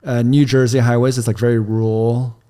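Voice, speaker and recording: A man's voice: medium pitch, flat delivery, brisk, mellow, clean tone. A man in his thirties, a podcast guest telling a long personal story in a casual, chatty way full of "like" fillers, on a studio mic.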